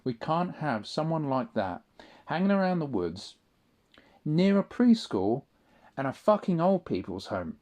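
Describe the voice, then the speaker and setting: A man's voice: on the high side, very animated, measured pace, darkish tone. A man in a casual spoken monologue, rambling and swearing often, with frequent restarts. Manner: rambling, profane, restarts a lot. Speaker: audio diarist.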